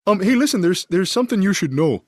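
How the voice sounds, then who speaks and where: A man's voice: high-pitched, sing-song, fast talker, dry recording. An actor voicing a sheepish young man in a cartoon, talking hesitantly and awkwardly.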